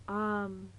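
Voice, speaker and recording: A woman's voice: mid-range voice, very noisy. Rambling, giggly young woman vlogger. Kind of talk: casual chat.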